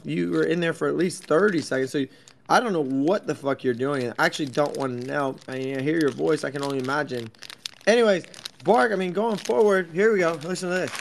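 A young man with a gravelly edge on a fairly high voice rants in loud, sarcastic, profane bursts. He jumps from topic to topic in casual, rambling banter. Faint background noise sits under his voice. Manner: loud, swearing, jumpy and sarcastic. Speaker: crypto space host. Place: office at night.

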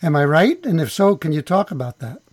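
A man's voice: fairly high pitch, very animated, a little fast, a little mellow, dry recording. A man hosting an interview, asking enthusiastic, leading questions. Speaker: host.

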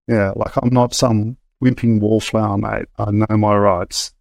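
A man's voice: on the low side, fairly even intonation, measured pace, gravelly, hardly any pauses, a little mellow, dry recording. A middle-aged man, an interview guest telling his story frankly and casually, with many hesitations and restarts. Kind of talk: candid conversational storytelling.

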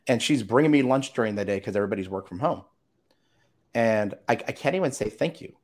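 A middle-aged man telling a personal story as a podcast guest, animated, acting out other people's lines and swearing casually. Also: lowish voice, brisk. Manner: animated, acts out quoted voices, swears casually.

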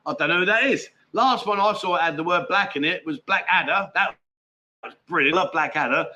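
A man's voice: on the high side, brisk, pushed and bright. A man hosting a casual live stream, chatting and bantering with viewers and his co-host. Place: indoors at family home.

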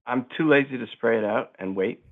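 A man's voice: medium pitch, a little fast. A man calling in to a lawn-care show, explaining his setup plainly and in turf jargon. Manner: matter-of-fact, uses turf jargon. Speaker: caller. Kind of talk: phone-in question. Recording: tinny phone line.

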